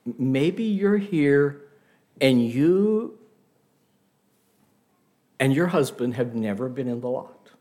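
A man preaching a sermon, telling stories in an unhurried way and asking the listeners rhetorical questions. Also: mid-range voice, expressive, warm tone.

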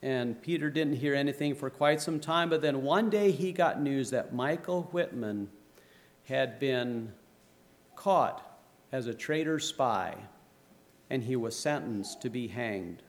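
A man's voice: mid-range voice, takes it slowly. A man preaching a sermon, reading a story aloud and quoting scripture. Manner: reads story aloud, raising voice for quoted shouts.

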